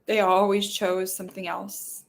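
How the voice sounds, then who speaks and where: A woman's voice: medium pitch, level tone, unhurried, gravelly. A woman hosting a podcast, guiding listeners through an emotional release exercise in a pleading, repetitive way. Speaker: podcast host.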